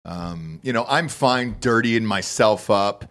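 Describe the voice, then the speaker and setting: A man's voice: fairly low pitch, takes it slowly. A man hosting a podcast, joking and swearing in casual banter and reading ads. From Texas. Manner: joking, profane, animated. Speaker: podcast host.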